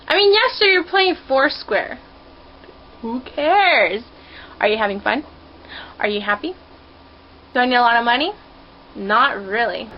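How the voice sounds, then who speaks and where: A woman's voice: on the high side, dull audio. A woman talking casually to her viewers from her own room, rambling, playful and openly emotional. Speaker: vlogger. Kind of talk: casual heartfelt talk to camera.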